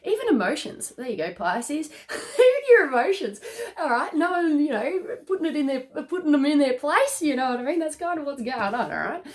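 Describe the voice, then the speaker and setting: Woman, tarot reader on a casual video reading; excitable, laughs a lot, keeps tagging "okay?" after each point. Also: sits high, fairly quick, few pauses. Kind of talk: casual spiritual card reading.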